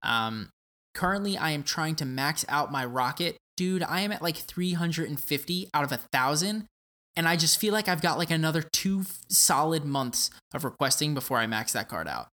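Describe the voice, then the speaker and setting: A man's voice: on the high side, animated, normal speed, bright, forceful tone. A man co-hosting a casual gaming podcast, upbeat and playful with lots of filler words. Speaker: podcast co-host. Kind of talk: casual chat.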